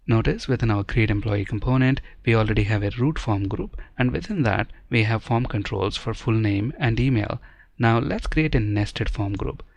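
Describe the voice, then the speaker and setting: A man's voice: on the low side, gravelly, no room sound. Methodical man teaching coding, dry sound. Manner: methodical, step-by-step explaining. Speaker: programming instructor. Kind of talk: screen-recorded coding tutorial.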